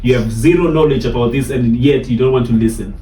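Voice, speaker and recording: A man from South Africa with a South African Xhosa English accent, telling lively stories in a casual chat with many fillers and repeats. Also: mid-range voice, fast, slight background noise. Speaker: barista trainer, guest. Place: in a car. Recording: roomy sound, mic at a distance, faint ambience.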